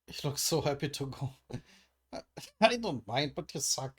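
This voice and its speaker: A man's voice: medium pitch, big pitch swings, moderate pace, a bit bright, breathy edge. A man reading a comic aloud and commenting as he goes, musing and hesitant, with frequent restarts. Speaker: comic readthrough host.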